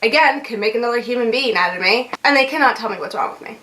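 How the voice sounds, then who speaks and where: A woman's voice: on the high side, fast, pushed and bright, slight background noise. A young woman vlogger telling a story in a chatty way, with lots of fillers, laughs and swearing. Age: young adult. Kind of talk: casual storytime.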